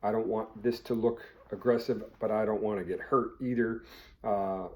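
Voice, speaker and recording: A man's voice: fairly low pitch, fairly even intonation, moderate pace, muffled recording. A man who runs a firearms training channel, telling a story in a blunt, conversational way and swearing freely. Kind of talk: casual vlog storytelling.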